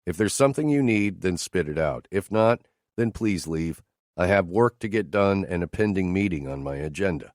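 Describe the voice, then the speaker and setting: Male audiobook narrator with a very low voice, a firm, clipped read, and a dry studio sound. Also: lively intonation, normal speed, dry recording. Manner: terse, firm, cold. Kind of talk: scripted first-person narration.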